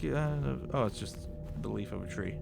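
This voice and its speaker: A man commentating as he plays a horror game, jumpy and animated, swearing under his breath at scares. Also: lowish voice, moderate pace, vocal fry, loud music behind the voice. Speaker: gaming YouTuber.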